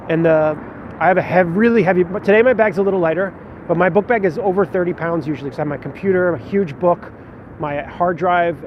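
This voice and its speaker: A high-voiced man, a vlogger and stage actor, does a casual live stream while walking a city street. He rambles in a self-deprecating way and reads viewer comments aloud, captured on muffled lo-fi phone audio with loud street noise.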